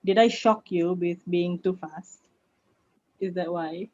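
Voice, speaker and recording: A woman with a Malaysian accent, a public speaking coach answering questions in an online session, lively and laughing easily. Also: lowish voice, takes it slowly. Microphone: video call. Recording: lo-fi video call audio.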